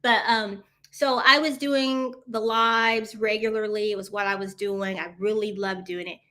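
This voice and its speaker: A woman speaks in a mid-range, fairly bright voice with fairly even intonation and a measured pace. She's hosting a relaxed live coffee chat, jumping between topics, laughing often, and replying directly to viewers' comments as y'all.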